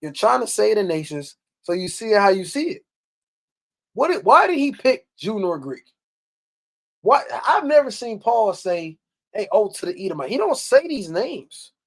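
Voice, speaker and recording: A man's voice: sits high, sing-song, unhurried. Man preaching, bible study, blunt, scolding, rhetorical questions, reads verses aloud. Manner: blunt and scolding, with mild swearing. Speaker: bible teacher. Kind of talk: scripture teaching sermon.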